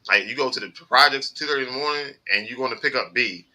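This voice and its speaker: A man telling rideshare-driving stories on a podcast, animated and full of profanity. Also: mid-range voice, very fast, rough recording. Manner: animated storytelling, heavy profanity. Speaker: podcast host, rideshare driver. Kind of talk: casual chat.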